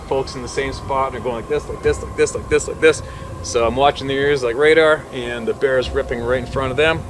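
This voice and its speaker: A man who works as a hunting guide tells a tense story in a lively way, laughing often and acting out the gunshots. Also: mid-range voice, background noise. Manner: vivid storyteller, laughs often, mimics shots and whispers. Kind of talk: animated storytelling.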